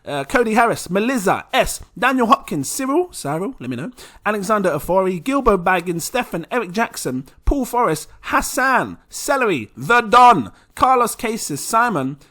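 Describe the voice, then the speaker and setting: A young man hosting a casual crypto vlog, chatty and excitable, laughing often. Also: high voice, moderate pace. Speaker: crypto channel host.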